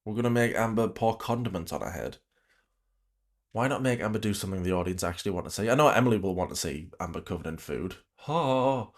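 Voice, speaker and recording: A man's voice: on the low side, lively intonation, quick pace. A man reacting to a livestream, talking bluntly with an exasperated, ranting manner. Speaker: reaction commentator.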